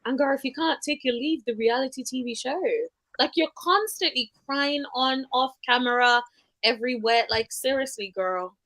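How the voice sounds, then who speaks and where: A woman's voice: high voice, moderate pace, a bit bright. A woman co-hosting a casual recap chat, emphatic and blunt in tone. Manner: emphatic, says honey and seriously, laughs. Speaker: podcast co-host.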